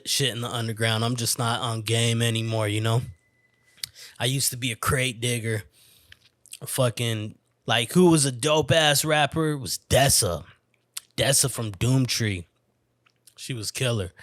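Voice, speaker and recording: A man's voice: mid-range voice, dry recording, clean studio sound. A man hosting his own podcast, rambling casually and swearing freely while a little tipsy from wine. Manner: rambling, profane, laid-back. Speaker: podcast host. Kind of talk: casual solo podcast rant.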